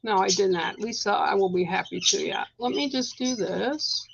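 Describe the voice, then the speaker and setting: A woman's voice: mid-range voice, expressive, moderate pace, vocal fry, lo-fi sound, slight background noise. Chatty woman giving card readings. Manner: chatty, rambling, many fillers and restarts. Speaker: spiritual card reader. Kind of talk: casual live-stream reading.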